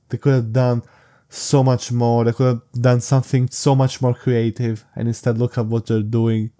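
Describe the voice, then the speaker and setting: A young man hosting a casual solo podcast, rambling frankly with halting restarts and sounding sleepy. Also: medium pitch, mellow. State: sleepy, yawning. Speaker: podcast host.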